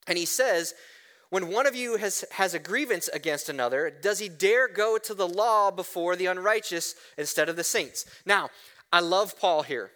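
A man preaching a sermon, animated, often asking "right?" and restarting words. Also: high voice. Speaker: pastor.

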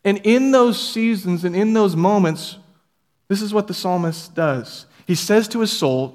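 A man's voice: high-pitched, moderate pace, in a large hall. A man preaching a sermon as pastor, earnest and conversational, building up to emphatic passages. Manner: earnest, rising to emphatic peaks. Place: church sanctuary.

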